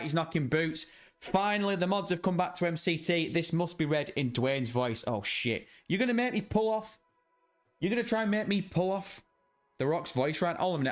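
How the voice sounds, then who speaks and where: A rowdy man with a slightly raised voice hosts a casual livestream, cracking jokes and swearing freely as he reads out viewers' names. Soft music plays faintly behind him. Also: fairly high pitch. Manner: rowdy, jokey, swears a lot; greets chat members by name. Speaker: livestream host. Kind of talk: casual live stream chat.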